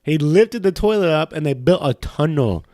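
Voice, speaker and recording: A man co-hosting a podcast in casual chat, his voice sitting a little high for a man. He tells loose, profane stories and keeps slipping into put-on voices. The sound is dry and close, with no room in it. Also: lively intonation, normal speed, dark tone, no room sound. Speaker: podcast co-host. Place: home studio.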